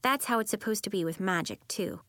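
A woman voicing an eager young shapeshifting girl in a storybook, with a bright, insistent, excitable delivery. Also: medium pitch, fairly quick, no echo, lightly acted. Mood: earnest. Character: eager young girl who shifts into animals.

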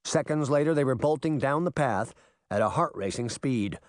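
A man narrating a storybook chapter in a lively, expressive reading. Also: medium pitch, normal speed, no echo, studio quality. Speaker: audiobook narrator. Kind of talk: scripted narration.

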